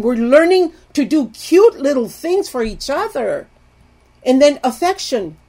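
Woman, middle-aged, earnest marriage teacher, slightly high voice, pleading, loud-to-soft swings. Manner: earnest, pleading, addresses viewers as "people". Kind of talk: earnest teaching talk to viewers.

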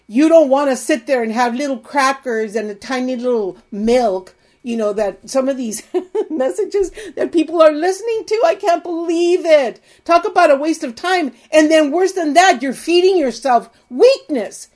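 A woman's voice: high voice, expressive, normal speed, a little mellow. A woman preaching a sermon, reading scripture aloud and speaking fervently and emphatically.

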